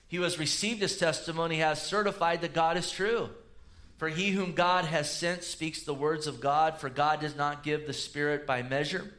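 A man preaching a sermon, swinging between loud emphatic rises and low quiet asides. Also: steady tone, moderate pace. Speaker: pastor.

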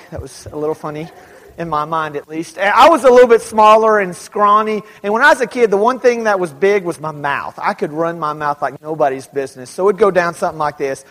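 A man from Dallas speaking to a young audience, telling animated, self-mocking stories in a large hall. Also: sits high. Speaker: youth speaker. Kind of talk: storytelling talk to kids. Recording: long hall reverb.

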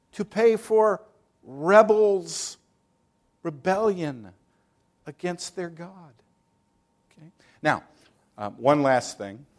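A male preacher delivering a sermon, his voice sitting a little above the usual male pitch. He presses hard with rhetorical questions and mocks careless attitudes in quoted voices. His talk is emphatic and direct.

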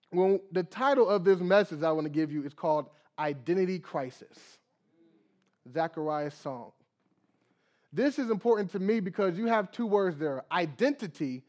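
A young man preaching a sermon as pastor, reading scripture, praying, and acting out little dialogues with lively energy. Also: high-pitched. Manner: animated preaching with acted dialogue and prayer.

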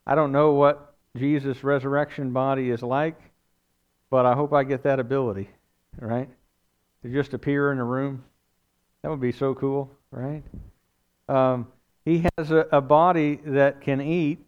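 A man's voice: mid-range voice, unhurried, long pauses, smooth. Man, pastor, sermon, conversational storytelling, resonant voice, slightly muffled recording. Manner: conversational, animated storytelling with asides.

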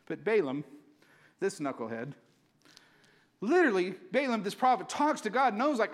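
Animated high-voiced male pastor. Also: moderate pace, pauses often. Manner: animated, casual storytelling with many likes. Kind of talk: sermon.

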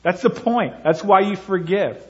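A man's voice: high voice, a little slow, highs cut off. A man preaching an earnest sermon as pastor, building his points with repeated phrases.

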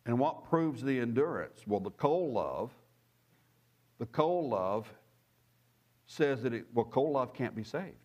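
Male pastor, mid-range voice, very expressive pitch, storytelling sermon with repeated phrases. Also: slow, long pauses. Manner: animated storytelling with chuckles and asides.

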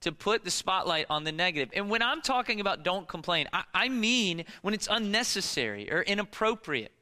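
A man's voice: high voice, sing-song, fairly quick, pushed and bright, in a large hall. A man preaching a sermon as pastor, emphatic and asking the congregation rhetorical questions. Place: church.

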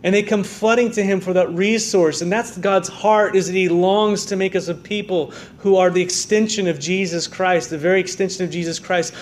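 A man's voice: sits high, fairly even intonation, normal speed, hardly any pauses. Earnest American male pastor preaching. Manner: earnest, rhetorical questions, restarts. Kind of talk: sermon. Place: church sanctuary.

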